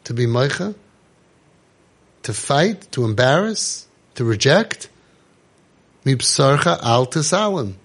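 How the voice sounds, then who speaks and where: Fiery scolding husky-voiced man lecturing. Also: medium pitch, very animated, slow, pauses often, a bit bright. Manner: fiery, scolding, sprinkles Hebrew and Yiddish terms. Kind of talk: impassioned religious lecture.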